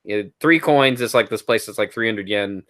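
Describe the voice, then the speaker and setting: A man with a fairly low voice, co-hosting a casual podcast chat. He is relaxed and curious, and he asks many questions. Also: normal speed.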